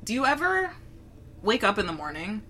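A woman's voice: mid-range voice, very animated, normal speed, sharp tone, a little hiss or hum. A woman co-hosting a casual chat, teasing and joking as she tastes a beer with a friend. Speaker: co-host.

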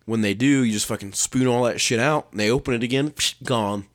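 A man's voice: mid-range voice, fairly quick. A young man co-hosting a podcast, talking in a laid-back casual way and swearing freely. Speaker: podcast co-host. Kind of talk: casual chat.

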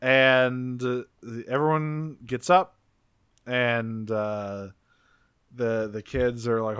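A man recaps a cartoon episode for a podcast in loose, profane, animated storytelling. His voice is bright and crisp, with a smooth clarity. The sound is dry and close, with no room to it. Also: medium pitch, slow pace, no room sound. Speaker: podcast co-host.

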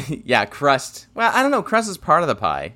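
A man's voice: fairly high pitch, wildly swooping pitch, moderate pace, pushed and bright. A man co-hosting a casual podcast in a dry, teasing way, laughing often. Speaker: podcast co-host. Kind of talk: casual chat.

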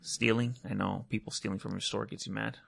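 Teasing man with a gravelly voice. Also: level tone, a little fast, a bit bright. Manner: teasing, says dude constantly, jumps into high mocking voices. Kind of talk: casual chat.

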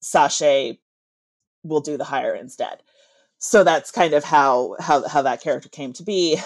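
A woman author telling a story in casual chat, with a slight lisp on her z sounds and lively asides. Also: deep voice, dry recording. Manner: animated storyteller, quick asides.

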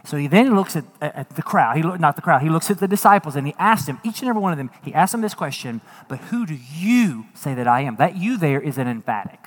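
High-voiced man preaching in a reverberant hall. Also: fast talker, few pauses. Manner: folksy, animated storytelling with acted quotes and jokes. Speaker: pastor. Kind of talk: sermon.

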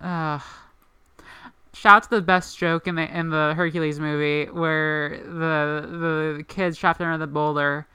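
A woman's voice: low voice, level tone, unhurried, bright, forceful tone, smooth, no echo. A woman co-hosting a podcast in casual chat, rambling with lots of "like" fillers. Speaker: podcast co-host.

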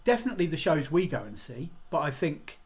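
A man's voice: fairly high pitch, big pitch swings, brisk. A man co-hosting a casual podcast chat with dry humour and jokey asides. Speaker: podcast co-host.

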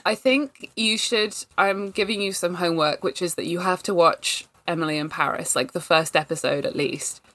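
A young woman jokes and teases her friends in a casual podcast chat. Her voice sits a little low, and she laughs often. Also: moderate pace, hardly any pauses, a bit bright. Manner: laughing, teasing, joking. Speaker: podcast co-host.

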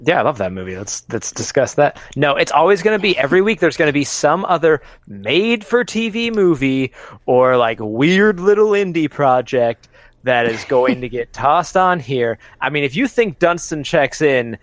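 A man's voice: fairly high pitch, sing-song, moderate pace. A man co-hosting a film podcast, joking and wry, laughing often between remarks. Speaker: podcast co-host. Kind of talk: casual film podcast chat.

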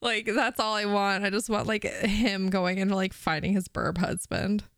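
Female co-host, casual banter, vocal fry, dry close sound. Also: mid-range voice, steady tone, measured pace, fairly bright tone, no echo. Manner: giggly, swears freely, fillers like "like". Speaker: podcast co-host. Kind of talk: casual chat.

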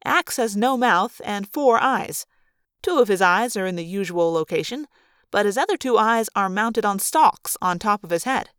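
A woman reading a novel aloud in lively first-person storytelling. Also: mid-range voice, normal speed, clear, resonant tone, dry recording, clean studio sound. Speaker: audiobook reader. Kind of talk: read-aloud fan narration.

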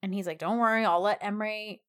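A woman's voice: medium pitch, normal speed, clean tone. A woman casually recapping a drama episode with a co-host, acting out the characters' lines with rising emphasis. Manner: animated retelling, acts out the lines with rising emphasis. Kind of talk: casual chat.

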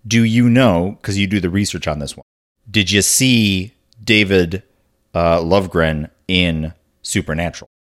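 A man's voice: deep voice, unhurried, a bit bright. A man co-hosting a podcast in casual chat, reacting with enthusiasm and jokes. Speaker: podcast co-host.

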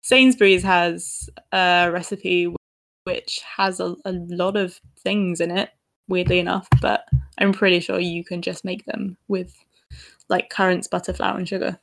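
A woman's voice: lowish voice, fairly even intonation, unhurried, vocal fry. A woman co-hosting a podcast in a chatty, giggly, casual way. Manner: chatty and giggly, laughs often. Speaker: podcast co-host. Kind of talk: casual chat.

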